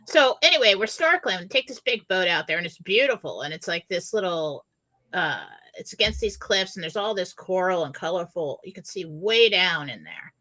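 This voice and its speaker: Bright-voiced laughing woman storyteller. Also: lowish voice, expressive, normal speed. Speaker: co-host. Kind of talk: casual chat, storytelling.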